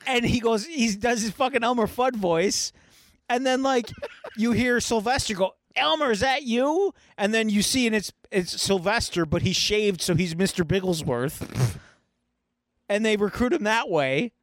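A man co-hosting a podcast, retelling a movie in an animated, profane, casual chat. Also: high voice, normal speed, dry recording, clean studio sound. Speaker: podcast co-host.

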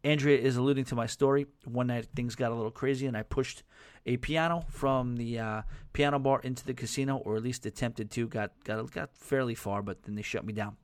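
A man hosting a podcast in casual chat, with a softened New York accent, rambling and correcting himself as he answers listener emails. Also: mid-range voice, fairly even intonation, fairly quick, clear, resonant tone, no room sound. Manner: rambling, self-correcting, conversational. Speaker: podcast host.

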